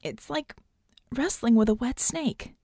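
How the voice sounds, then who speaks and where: A woman doing a tense young woman hacker on comms, frustrated and quick, with a mellow, slightly raised voice. She talks in rapid, clipped bursts and sounds close to the mic in a dry space. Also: fairly high pitch, no room sound, pitched above the performer's own voice, natural voice.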